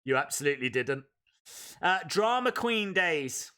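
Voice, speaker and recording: Animated wrestling streamer. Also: male voice, a little high, unhurried. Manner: chatty, mock-outraged, reads out chat messages. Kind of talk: live reaction stream chat. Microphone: desk microphone.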